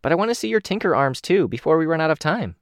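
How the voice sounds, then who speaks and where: Man putting on a teen girl voice, bossy, teasing, pitched way up, storybook reading. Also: big pitch swings, fast talker, no room sound, studio quality. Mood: eager. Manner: bright, impatient and teasing.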